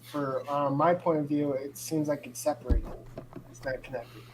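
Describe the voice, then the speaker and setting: A woman's voice: low voice, background noise. A woman co-hosting a casual live stream chat, playful and teasing, cracking jokes and laughing often.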